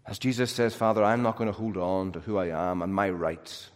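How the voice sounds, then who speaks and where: A man's voice: sits low, fairly quick. Preacher man in a reverberant hall. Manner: dynamic, swings from loud emphasis to soft hushed drops. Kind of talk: sermon. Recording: long reverb of a large hall.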